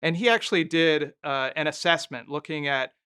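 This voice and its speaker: A man's voice: on the high side, moderate pace, sharp tone, smooth. A former mayor, a man, telling candid stories as a guest in a conversational interview. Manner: candid, anecdotal, thinking aloud.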